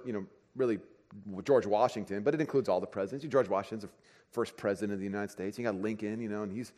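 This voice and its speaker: A man in his thirties, a pastor preaching a sermon, telling a family story with lively swings between soft asides and excited bursts. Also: medium pitch. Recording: long hall reverb.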